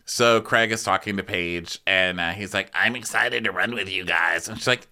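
A man co-hosting a podcast, recapping a reality show in casual chat and mimicking the cast in high mocking voices. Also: normal speed, vocal fry, few pauses. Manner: animated, acts out quotes in high mocking voices. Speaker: podcast co-host.

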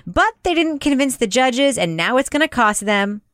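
A woman hosting a podcast panel in casual chat, brisk and jokey, laughing often. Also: high-pitched, lively intonation, a bit bright, dry recording, clean studio sound. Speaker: podcast host.

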